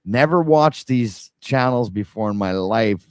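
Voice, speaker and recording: A man's voice: on the low side, lively intonation, measured pace, clear, resonant tone, dry recording. Exasperated rambling male livestreamer. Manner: rambling, exasperated, talks to viewers while scrolling. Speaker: livestream host. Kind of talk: casual livestream commentary.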